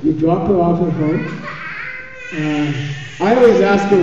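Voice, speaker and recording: A man's voice: fairly high pitch, unhurried, pauses often. A man giving a spiritual teaching in a chatty, joking way, often checking in with his listeners. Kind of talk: live dharma teaching. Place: large teaching hall. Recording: echoey hall, far from the mic, dull sound.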